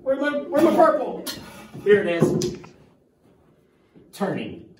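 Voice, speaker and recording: Excitable high-voiced male teacher, echoey classroom. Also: takes it slowly. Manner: playful, excitable, jokey. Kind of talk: classroom lesson. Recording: echoey room, mic at a distance.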